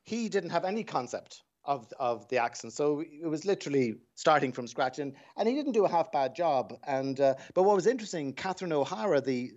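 A man's voice: fairly high pitch, expressive, fairly quick, hardly any pauses, darkish tone, highs cut off. An Irish man, a dialect coach, telling anecdotes as a radio guest in a reflective way with frequent restarts.

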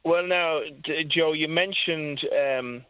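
A man's voice: a little high, slow pace, clean tone, no echo. A man with a suburban Dublin accent calling a radio show, emphatic and stammering over restarts. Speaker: caller. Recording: tinny phone line.

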